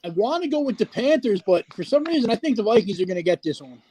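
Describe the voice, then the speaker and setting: A man on a sports podcast panel, giving quick gut-feeling picks. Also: high-pitched, very animated, mellow, a little hiss or hum. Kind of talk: casual podcast chat.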